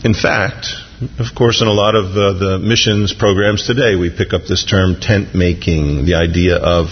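A man preaching a sermon as pastor, animated and jumping into excited voices when he acts out quotes. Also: low-pitched, normal speed, long reverb tail, muffled recording, a little hiss or hum.

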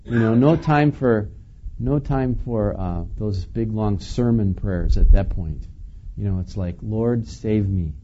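A man preaching a sermon in a relaxed, conversational way, chuckling now and then and asking the listeners questions. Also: on the low side, measured pace, muffled recording, slight background noise. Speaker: pastor.

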